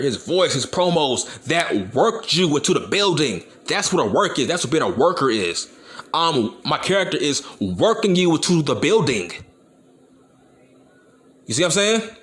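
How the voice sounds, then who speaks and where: On his channel, a young Compton native rants profanely and bluntly about wrestling. His slightly high, somewhat bright voice swings widely in pitch, and he takes his time.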